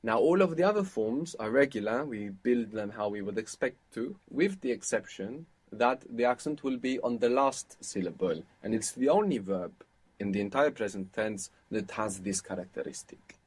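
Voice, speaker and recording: A man with a slightly husky voice gives a spoken language lesson. He explains points patiently and prompts his learner to answer and repeat. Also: on the low side, lively intonation, normal speed. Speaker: language teacher.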